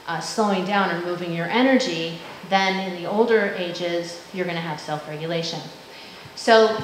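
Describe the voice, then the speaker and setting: A woman presenting a parent education workshop, leading the audience in lively counting and chanting drills between explanations. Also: medium pitch. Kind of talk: parent education talk with group exercises. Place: large school hall with an audience. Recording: echoey hall with background noise.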